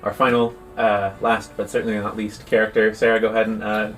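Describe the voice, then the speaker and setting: A man narrating as game master with a relaxed, halting delivery full of fillers. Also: lowish voice. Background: faint music.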